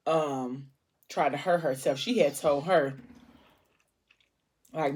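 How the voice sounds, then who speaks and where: Woman casually retelling a story, lowish voice. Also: slow, long pauses, darkish tone, slightly rough. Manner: retells a book plot, acting out dialogue; conversational, with fillers. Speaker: vlogger. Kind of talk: casual storytelling while eating.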